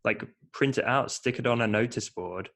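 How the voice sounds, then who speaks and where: A man's voice: mid-range voice, normal speed, a bit bright. A man co-hosting a casual business podcast, chatty and playful as he gives practical advice. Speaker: podcast co-host.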